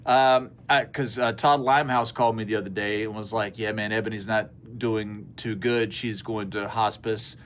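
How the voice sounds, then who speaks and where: A man's voice: lowish voice, moderate pace, hardly any pauses. Guy, middle-aged, earnest rambling storyteller for a casual podcast. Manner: rambling, earnest, animated when quoting people. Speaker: podcast co-host. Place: indoor studio space at a co-op.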